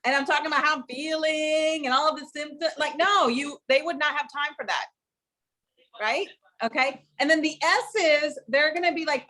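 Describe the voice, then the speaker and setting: A woman's voice: high-pitched, normal speed, pushed and bright. A woman hosting a live stream, enthusiastic and asking her audience questions. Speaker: host.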